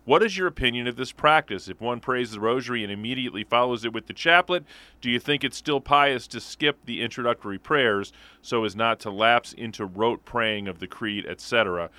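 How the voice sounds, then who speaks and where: A man co-hosting a radio show, reading listener letters aloud in a measured, steady way. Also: mid-range voice, dry recording. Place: radio studio.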